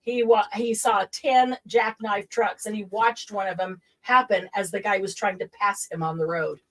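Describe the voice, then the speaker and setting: A woman hosting a casual craft livestream at home, chatty and quick to laugh as she greets viewers by name. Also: mid-range voice, fairly even intonation, fairly bright tone, rough recording.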